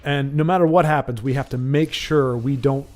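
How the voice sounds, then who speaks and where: A man's voice: medium pitch, steady tone, moderate pace, a little mellow, slight background noise. A man hosting a livestream, chatting casually and jokingly with viewers, often correcting himself as he rambles. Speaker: livestream host.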